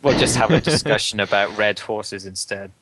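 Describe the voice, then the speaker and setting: A man's voice: on the low side, moderate pace, a bit bright, a little hiss or hum. A man on a podcast panel, dropping dry joking remarks. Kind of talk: casual podcast chat.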